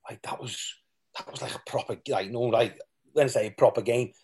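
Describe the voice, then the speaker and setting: Ex-footballer telling stories. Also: male voice, medium pitch, fairly quick, a little mellow, breathy edge. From England. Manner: rambling, with restarts and quoted asides. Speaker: former footballer, guest. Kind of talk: candid interview storytelling.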